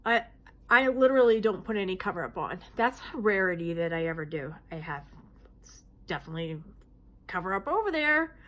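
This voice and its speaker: A woman in her late thirties chatting casually as she answers viewer questions, her talk broken by sudden hoots, outbursts and throat clearing. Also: fairly low pitch, animated, fairly quick, a bit bright. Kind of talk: casual Q&A vlog.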